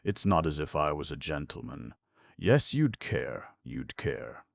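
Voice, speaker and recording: A man's voice: a bass voice, very animated, measured pace, gravelly, no echo, full character voice. A man doing a blunt, brooding gamekeeper. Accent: rural English dialect. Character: guarded rough-spoken male gamekeeper, brooding.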